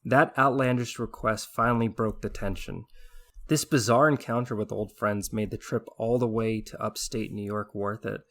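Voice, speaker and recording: A man narrating a first-person audiobook in a steady, measured read. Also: fairly low pitch.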